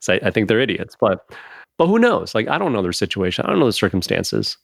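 A man hosting a podcast in casual chat, animated, laughing often and swearing freely. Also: fairly low pitch, fast talker, creaky, no echo, studio quality.

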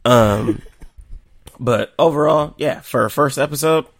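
A young man co-hosting a casual podcast. He talks in a loose, profane, animated way and laughs a lot. His voice sits in a middle register, recorded dry and close. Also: mid-range voice, slow, gravelly, no room sound. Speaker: podcast co-host. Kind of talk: casual chat.

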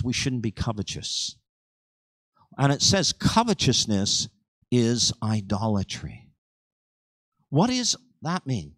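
A male pastor delivering a sermon, swinging between loud, driving surges and quiet, conversational asides. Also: mid-range voice, dry recording, rough recording. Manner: animated preaching with sudden surges and drops in volume.

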